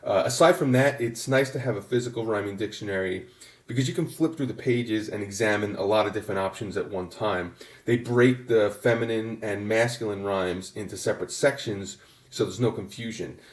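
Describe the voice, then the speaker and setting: Male songwriting teacher, low voice, patient and methodical, roomy echo. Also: a little fast. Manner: patient, methodical, with frequent fillers and restarts. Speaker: songwriting instructor. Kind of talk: explanatory lesson.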